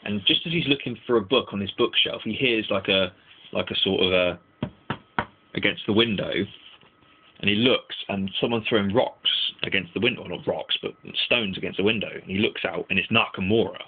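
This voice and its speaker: A man's voice: fairly low pitch, a little fast, slightly rough. A man casually recapping an anime episode in a rambling, swearing way, acting out the characters' lines. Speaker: anime reviewer. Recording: tinny, phone-like lo-fi sound.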